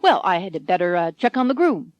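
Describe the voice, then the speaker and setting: A woman voicing a stern middle-aged head nurse who is softening. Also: lowish voice, sing-song, a little fast, no room sound, highs cut off. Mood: moved.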